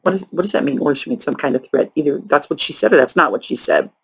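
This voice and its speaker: A woman hosting a true crime show, telling the case in a casual, halting way with frequent sarcastic and profane asides. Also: deep voice, lively intonation, creaky, slightly rough, low-quality recording. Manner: halting, many ums and restarts. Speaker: true crime podcast host.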